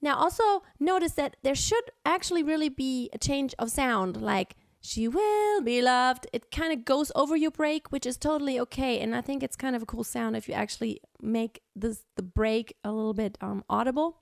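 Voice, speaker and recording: A woman's voice: high-pitched, moderate pace, creaky, hardly any pauses, no echo, studio quality. A woman teaching singing, explaining technique and breaking into short sung examples. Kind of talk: vocal lesson with sung demonstrations.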